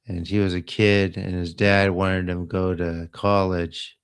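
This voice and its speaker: A man with a very low voice tells a story in a loose, rambling way. He talks slowly, drifting from one detail to the next and adding little asides as he goes. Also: level tone, creaky, smooth. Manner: slow, meandering retelling with trailing asides. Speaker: host of a live healing stream.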